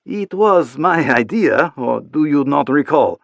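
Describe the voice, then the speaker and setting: A man voicing a soft-spoken, affectionate young French woman in an audiobook, speaking quietly with a French accent. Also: a little high, expressive, a little slow, vocal fry, no room sound, dull audio, pitched above the performer's own voice. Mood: tender. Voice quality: soft, hushed.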